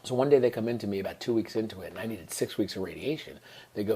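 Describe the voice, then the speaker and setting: A man's voice: on the low side, lively intonation, quick pace, darkish tone, husky. A man, telling a personal story in an earnest, reflective way and often dropping into whispered asides. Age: 30s. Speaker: vlogger.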